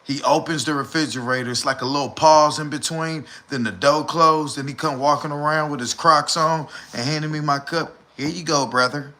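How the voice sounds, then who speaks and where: A man's voice: on the high side, fairly even intonation, normal speed, hardly any pauses, bright, forceful tone. A man with a Southern American accent, ranting in slangy, emphatic, repetitive commentary for his vlog. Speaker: vlogger.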